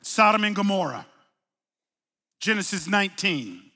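A middle-aged male pastor preaching a sermon in a conversational way, mixing family stories with sharp emphasis and quiet, low asides. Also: very animated, measured pace. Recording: live sermon in a reverberant hall.

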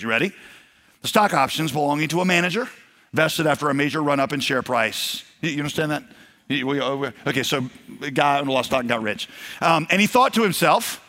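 A man's voice: medium pitch, quick pace, sharp tone. A man preaching a sermon in a conversational way, acting out the quoted voices of his stories. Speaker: pastor. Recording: long hall reverb.

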